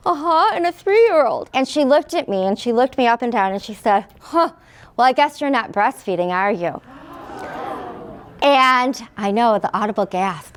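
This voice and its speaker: A woman's voice: sits high, a bit bright. A woman in her thirties telling a personal patient story to an audience, quoting nurses and doctors and laughing through the painful parts. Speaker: patient speaker.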